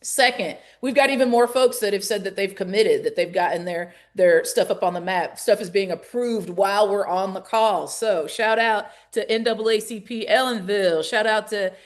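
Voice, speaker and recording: A woman's voice: medium pitch, normal speed, hardly any pauses. A Southern-accented woman runs an online rally call with lots of energy. She talks in a folksy way and keeps calling out to her listeners as she hosts. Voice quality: lively, folksy, calls out to the audience. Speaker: call host and organizer.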